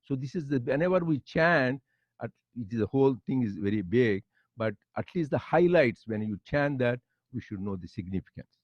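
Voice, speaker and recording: A man leading a devotional study circle, explaining Sanskrit verses line by line with halting restarts. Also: mid-range voice, expressive, no room sound. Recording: dull lo-fi dry recording.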